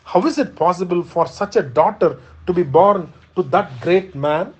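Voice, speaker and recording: A man's voice: high-pitched, normal speed, a little mellow, breathy edge, lo-fi sound. A man reading a furious grieving prince. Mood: accusing. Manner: accusing, bitter reproach. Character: young prince, grief-stricken and furious. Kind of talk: read-aloud epic narration.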